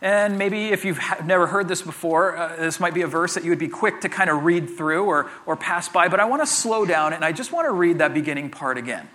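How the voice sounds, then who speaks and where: A man delivers a relaxed, talky sermon in a high, bright voice. He often stumbles over repeated words and slips in jokey asides. The tone stays conversational rather than formal. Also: fairly quick, few pauses. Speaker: pastor.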